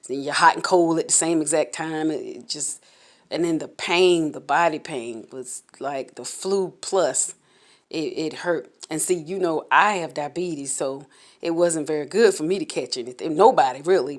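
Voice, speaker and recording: A woman vlogger candidly recounting a personal experience to camera, halting and repeating words as she goes. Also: low voice. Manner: candid, halting, repeats words while telling her story.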